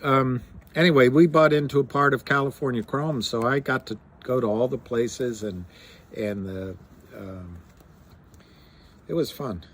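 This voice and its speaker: A man's voice: medium pitch, unhurried. A man hosting a live stream, chatting casually and rambling with many fillers and restarts, reading figures aloud. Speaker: livestream host talking stocks.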